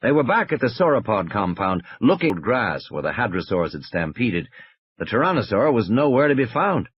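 A man narrating an audiobook in a measured, expressive way. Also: on the low side, slightly rough, highs cut off.

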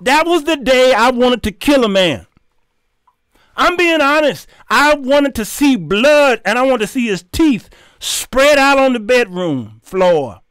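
A middle-aged man, hosting his show and telling a story in an animated, preachy way with sudden shouts. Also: very high voice, measured pace, clear, resonant tone, no echo, studio quality. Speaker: show host. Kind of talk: storytelling commentary.

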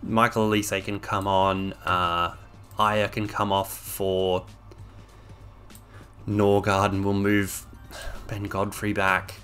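A man's voice: on the low side, a bit bright. A young man commentating on his own gameplay, exasperated and sarcastic, ranting at a desk microphone. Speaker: game streamer.

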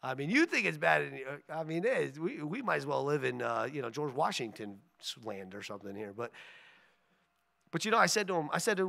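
A man's voice: on the high side, very animated, fairly quick, pushed and bright. A male pastor giving an informal sermon that turns into a prayer, rambling and folksy with many asides, then praying earnestly and repeating "Lord". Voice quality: gravelly.

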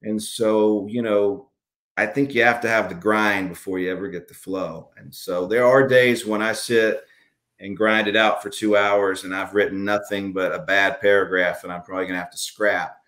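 A man's voice: on the low side, steady tone, moderate pace, a bit bright. A man from Alabama with a Southern accent, an author answering interview questions over a video call in a rambling, filler-filled way. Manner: rambling, many fillers and restarts. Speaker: author guest.

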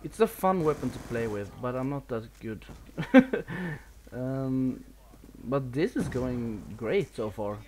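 A man's voice: mid-range voice, very animated, slow pace, darkish tone, a little hiss or hum. Swedish-accented young man commentating gameplay. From Sweden. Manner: casual and nervous, swears often, laughs at himself.

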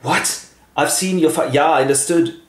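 A man's voice: on the high side, moderate pace, reverberant, pitched above the performer's own voice, lightly acted. A man doing a sulky young prince. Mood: eager. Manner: grumbling, mutters to himself. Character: sulky young prince in black, moody student.

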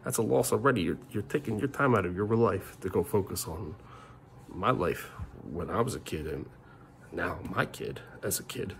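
A man's voice: low voice, expressive, normal speed, creaky, fairly bright tone, a little hiss or hum. A middle-aged man vlogging a frustrated, rambling rant to the camera, repeating himself and swearing, recorded on a phone. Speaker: family vlogger.

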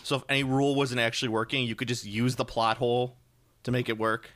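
A man's voice: mid-range voice, steady tone, fast talker, a bit bright. A man co-hosting a gaming podcast in casual chat, laughing often, swearing and mimicking people. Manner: laughing, profane, mimics people in exaggerated voices. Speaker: podcast co-host.

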